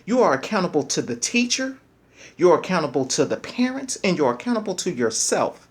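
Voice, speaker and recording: A woman's voice: fairly low pitch, big pitch swings, a little fast, breathy edge. A middle-aged woman speaking in an emphatic, preachy monologue, repeating lines for effect and calling listeners "baby". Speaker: speaker sharing parenting views. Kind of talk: passionate monologue.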